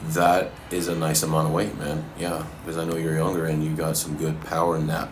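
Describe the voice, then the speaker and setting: A man coaching fitness and answering viewers' questions in a relaxed, casual way while eating, sometimes talking with his mouth full. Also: very deep voice, background noise. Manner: relaxed, talks with his mouth full, pauses mid-sentence.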